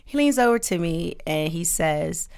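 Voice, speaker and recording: A woman co-hosting a podcast, telling a story in casual chat, animated and often laughing as she acts out what people said. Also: on the low side, normal speed, gravelly. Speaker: podcast co-host.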